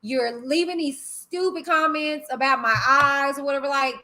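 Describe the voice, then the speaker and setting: High, bright-voiced outspoken woman. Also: moderate pace. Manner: blunt, animated, outspoken. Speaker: livestream host. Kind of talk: casual live commentary.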